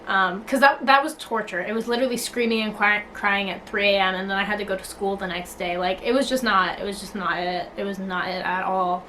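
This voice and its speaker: Young woman, casual vlog rant, blunt and sweary, bright tone, medium pitch. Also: fairly even intonation, fairly quick, few pauses, a little hiss or hum, low-quality recording. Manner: blunt, swears freely, many filler likes and restarts. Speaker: vlogger. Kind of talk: casual talking-to-camera rant.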